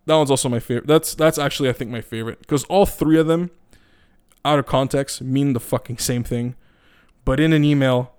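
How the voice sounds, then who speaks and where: A man's voice: medium pitch, normal speed, pauses often. Profane, rambling podcaster man. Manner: profane, blunt and rambling, with many restarts. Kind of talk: casual ranting monologue. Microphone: podcast microphone.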